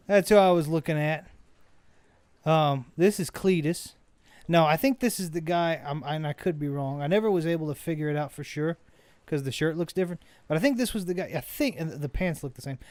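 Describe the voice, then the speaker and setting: Chatting through his own gameplay as a let's play host, this adult father speaks at normal speed in a slightly high voice with a darkish tone. His commentary rambles, and he keeps correcting himself partway through sentences. The recording has no room sound.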